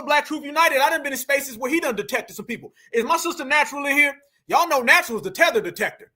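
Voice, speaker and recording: A man talks in a high, bright voice. He gives animated, preachy commentary packed with slang, speaking straight to his online audience. His delivery stays casual and direct.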